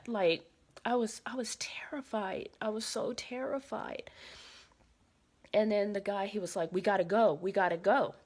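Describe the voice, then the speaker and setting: Woman, casual storytelling, dramatic retelling, repeats herself, fillers, hushed whispers at tense moments. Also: a little high. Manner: dramatic retelling, drops to whispers for quoted lines; animated, repeats phrases, many fillers. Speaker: storyteller recounting a dream.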